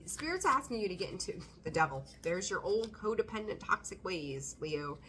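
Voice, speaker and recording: A woman's voice: medium pitch, very animated, moderate pace, sharp tone, slight background noise. A woman doing a casual tarot reading, talking bluntly, swearing freely and laughing often. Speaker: tarot reader.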